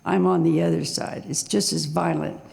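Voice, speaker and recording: A woman in her sixties telling her own story on stage at a live storytelling night, nervous and halting, with small laughs. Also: deep voice, steady tone, gravelly, warm tone, in a large hall.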